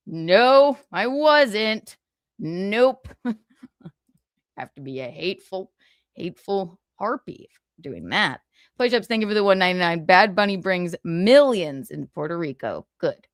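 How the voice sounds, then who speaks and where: A woman's voice: lowish voice, dry recording, clean studio sound. A young adult woman hosting a casual livestream, chatting and giggling, swearing freely while she reads comments. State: tearful, choked up. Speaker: livestream host.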